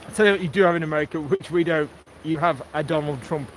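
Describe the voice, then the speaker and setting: Walking outdoors along the coast, a man with an English accent hosts a livestream in a voice on the high side, speaking quickly. His manner is casual and jokey, full of laughter, and outdoor noise can be heard behind him.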